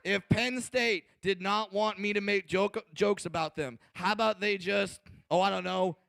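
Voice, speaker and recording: A man in his twenties doing a loud, brash, profane stand-up routine on a comedy stage. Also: sits high, steady tone, moderate pace, vocal fry, dry recording. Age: 20s.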